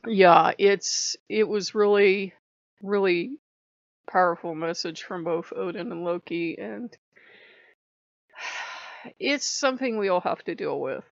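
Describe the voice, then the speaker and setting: A woman's voice: medium pitch, takes it slowly, creaky, long pauses, no echo, dull audio. A woman vlogging in a casual, impassioned way, tearful and crying on and off, often apologizing as her voice breaks. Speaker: vlogger on her own faith channel. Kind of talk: casual emotional vlog talk.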